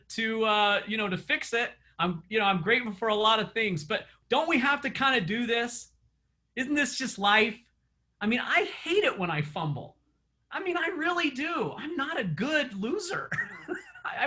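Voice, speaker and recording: A man's voice: high-pitched, sharp tone. A man coaching a group of real estate agents in a casual session, chatty and storytelling, laughing often, recorded in an online meeting.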